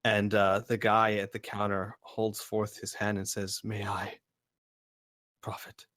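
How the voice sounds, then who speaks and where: A man's voice: on the low side, monotone, measured pace, a bit bright, no echo. A man narrating as game master in a casual, chatty way, with fillers and laughter.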